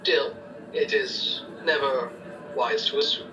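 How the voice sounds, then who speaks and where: A man's voice: medium pitch, slow, muffled recording, music in the background, natural voice. A man playing a courteous noble adventurer in a tabletop game, speaking formally and at length. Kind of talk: tabletop role-play. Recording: distant mic with noise.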